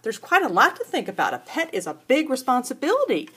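A woman's voice: mid-range voice, big pitch swings, moderate pace, few pauses, a bit bright, slightly rough. An older woman, a grandmother, reading a storybook aloud at home to a child, with playful asides to the listener.

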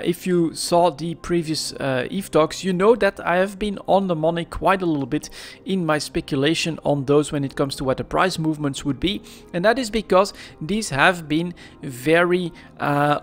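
A man hosting a casual commentary on a game's market, thinking aloud with many fillers and restarts into a desk microphone. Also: on the high side. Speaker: gaming market analyst host.

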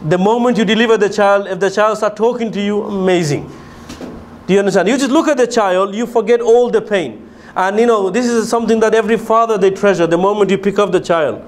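A man's voice: sits high, slight background noise. A man giving a religious lecture to a group, explaining at length and asking his listeners questions, with many fillers and restarts. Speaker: lecturer on a pilgrimage programme. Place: lecture room in a city of pilgrimage.

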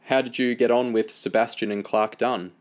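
A man reading the lines of a calm, dry-humoured adult handler, speaking in a steady, level, lightly amused way. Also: mid-range voice, normal speed, close to an everyday voice.

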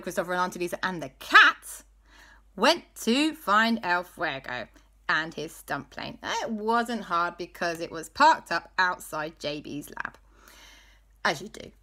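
A woman telling an improvised children's story in a playful way, dropping to hushed tones for spooky parts. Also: fairly low pitch, sing-song, a little slow. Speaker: storyteller host.

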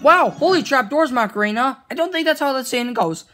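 A woman's voice: high-pitched, expressive, brisk, a bit bright, faint music behind. A woman voicing an annoying baby doll who cracks jokey puns and hums sing-song tunes while commenting on a game. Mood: teasing.

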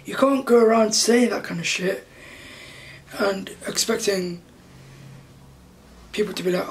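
A fired-up man ranting straight to camera. His voice sits a little high, and he hammers points home by repeating himself and swearing freely. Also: measured pace, long pauses, a little hiss or hum. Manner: heated, indignant, swearing often; repeats phrases for emphasis. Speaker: YouTube commentator. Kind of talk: reaction rant to camera.

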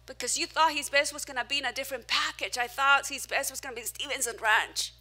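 A woman pastor preaching a sermon in a church, animated and self-mocking, swinging between loud and soft. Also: sits high, quick pace. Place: church hall, preaching to a small crowd.

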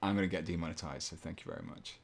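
A man's voice: low voice, racing, gravelly. A man hosting a live stream, chatting casually and playfully while he paints, rambling and poking fun at himself. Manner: rambling, playful, self-mocking, thinks aloud.

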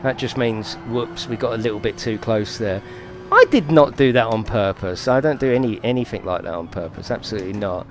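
A man's voice: on the low side, brisk, hardly any pauses. Sweary man streaming a race. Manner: sweary, apologetic, giggly. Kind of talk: live racing game stream commentary.

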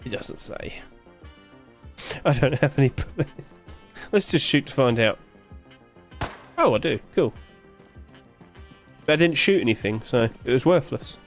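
A man's voice: mid-range voice, animated, moderate pace, pauses often, soft background music. A man giving casual gameplay commentary, thinking aloud, puzzled and joking, with plenty of fillers. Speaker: streamer playing a game.

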